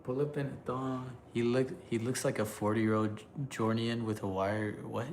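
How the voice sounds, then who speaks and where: A man's voice: mid-range voice, level tone, slight background noise. A man casually chatting on a live stream, reading chat aloud, loose and joking, laughing often. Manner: halting when he switches languages.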